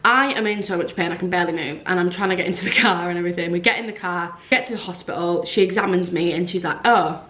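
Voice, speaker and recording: A woman's voice: fairly low pitch, fast talker, few pauses, fairly bright tone. A young woman telling a long personal story in a chatty vlog style, full of "like" and acted-out quotes. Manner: chatty, frequent "like", acts out quoted dialogue. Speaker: vlogger. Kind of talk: casual storytelling to camera.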